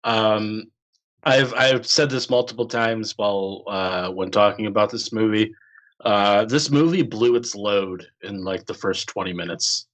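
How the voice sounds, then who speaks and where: A man's voice: fairly low pitch, steady tone, fairly bright tone, rough recording. Man chatting loosely about a film. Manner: loose, halting chat with restarts. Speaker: podcast co-host. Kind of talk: casual film review chat.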